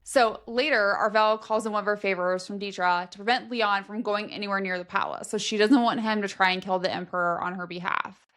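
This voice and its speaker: A woman with an ordinary mid-range voice, chatting casually on a book podcast. She walks through the plot at an even, steady pace and tosses in quick dry asides. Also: mid-range voice. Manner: steady plot summary with short dry reactions. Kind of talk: casual chat recapping a book.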